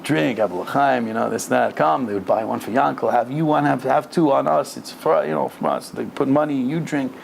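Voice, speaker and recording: A man as a rabbi giving an animated religious lesson, mixing scripture with casual slang, in a synagogue basement. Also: medium pitch, normal speed, vocal fry, few pauses, a little hiss or hum. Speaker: rabbi teaching a weekly class. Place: synagogue basement room, indoors.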